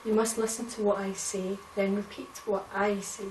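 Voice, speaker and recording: A woman playing a patient speech therapist who gives slow, deliberate instructions. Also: mid-range voice, flat delivery, a little mellow, reverberant, recorded from a distance, slight background noise, natural voice, rough recording. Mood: coaxing. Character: patient female speech therapist coaching slowly.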